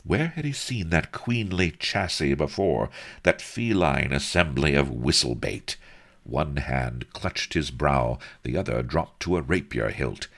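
A man reads the story aloud with an extremely deep, gravelly voice and a slow, unhurried pace. His delivery is wry and mock-heroic, rising and falling widely for effect. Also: animated, fairly bright tone. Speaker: narrator. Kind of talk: dramatic audiobook narration.

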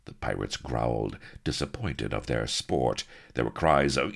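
A man's voice: extremely low pitch, animated, unhurried, vocal fry, hardly any pauses. A man reading a comic adventure story aloud with wry, mock-heroic narration.

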